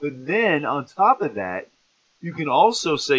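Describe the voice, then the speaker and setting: A man's voice: on the high side, sing-song, measured pace, a bit bright, husky, poor audio. A man hosting a live sports talk stream, ranting and mocking in an exasperated way. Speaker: sports show host.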